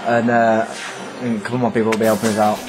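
A young man, a student, talking through a casual video diary in a relaxed, halting way, with a chuckle now and then. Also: lowish voice, rough recording. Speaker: student vlogger. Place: student hall room.

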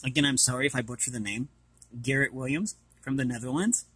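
A man's voice: mid-range voice, brisk, bright, forceful tone, slightly rough, no room sound. A man casually reading an art book aloud and commenting, hesitant and apologetic as he stumbles over names.

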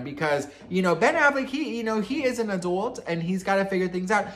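Sassy, animated gossiping man. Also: sits high, fairly quick, few pauses, slight background noise. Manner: sassy and dramatic, swears often; rambling, loses his train of thought. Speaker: celebrity gossip vlogger. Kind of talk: casual gossip chat.

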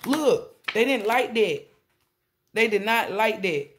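A woman giving a tarot reading in a casual monologue, excitable and profane, exclaiming as she goes and sounding shaky with excitement. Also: on the high side, slow pace. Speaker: tarot reader.

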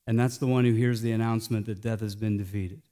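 An American male pastor delivering a sermon, swinging between hushed, slowed phrases and loud, emphatic lines. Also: lowish voice, steady tone.

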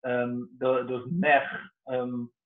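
A man's voice: medium pitch, flat delivery, extremely slow. A man taking part in a webinar, asking a question hesitantly with many fillers. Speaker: webinar participant. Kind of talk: question from a participant. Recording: tinny, echoey video call line.

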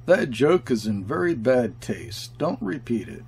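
A man's voice: mid-range voice, big pitch swings, measured pace, gravelly, darkish tone, a little hiss or hum. A man voicing a flabby, nervous European station chief who strains to sound composed. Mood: strained.

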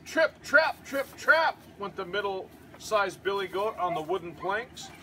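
A man reading a storybook aloud to his goats, pausing to talk to them about the pictures. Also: sits high, slight background noise, low-quality recording. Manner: animated reader, chats to the goats between pages.

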